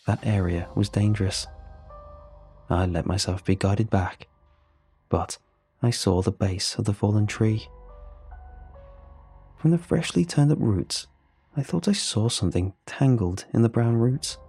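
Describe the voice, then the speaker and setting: A man narrating a first-person horror story, with steady, measured storytelling. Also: on the low side, husky. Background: faint music.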